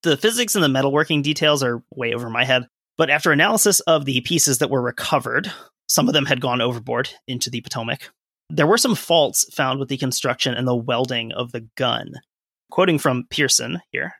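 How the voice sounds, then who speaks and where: Bright-voiced man chatting on a history podcast. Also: medium pitch, a little fast, gravelly, no echo, studio quality. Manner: conversational, explains and reads from sources with asides. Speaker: podcast co-host. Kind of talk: casual history podcast chat.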